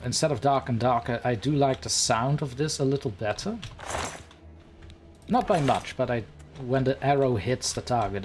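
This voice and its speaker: A man's voice: medium pitch, background noise. A man streaming a game live, chatting playfully and theatrically with his viewers and the characters on screen. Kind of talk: live let's-play commentary.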